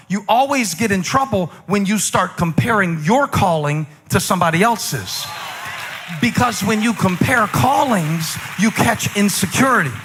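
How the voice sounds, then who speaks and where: Bright-voiced preaching man. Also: high-pitched. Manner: chatty and self-deprecating, building to shouted emphasis. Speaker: pastor. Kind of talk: conversational sermon.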